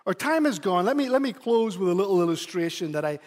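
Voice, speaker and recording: A man preaching a sermon as pastor, telling a story in an animated way and sometimes repeating words for emphasis. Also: high-pitched, quick pace, big-room sound.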